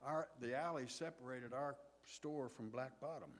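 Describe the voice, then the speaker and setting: A man from southern Indiana, a pastor telling stories in a sermon in a folksy, unhurried way. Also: mid-range voice. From southern Indiana, USA. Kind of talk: sermon storytelling. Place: church sanctuary. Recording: long hall reverb.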